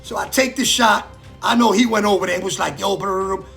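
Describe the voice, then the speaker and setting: A man telling a story from his own life in a loose, animated way, acting out the people he quotes and swearing freely. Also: sits high, fairly quick, gravelly, faint music behind. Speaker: storyteller recounting prison life. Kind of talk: casual storytelling monologue.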